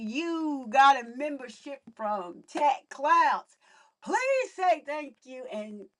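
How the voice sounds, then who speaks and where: A chatty young woman hosts a livestream from home. Her voice sits a little high, and she talks straight to her viewers through a computer mic. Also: a bit bright, recorded from a distance. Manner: chatty, talks to viewers while fixing audio. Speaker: livestream host. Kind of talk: casual livestream chat.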